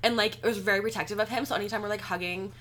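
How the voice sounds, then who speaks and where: A woman's voice: medium pitch, fairly even intonation, rapid-fire, fairly bright tone, slight background noise. A young woman in frank, casual chat with friends, laughing often as she talks. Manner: giggly, frank, laughs often mid-sentence.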